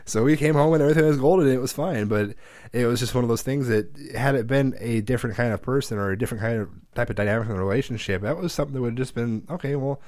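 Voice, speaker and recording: A man in his thirties tells family stories in a relaxed chat. He swears freely and jumps into the voices of the people he quotes. The sound is close and dry, with no room around it. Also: medium pitch, very fast, no echo. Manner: profane, animated storyteller who acts out quotes. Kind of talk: casual storytelling chat.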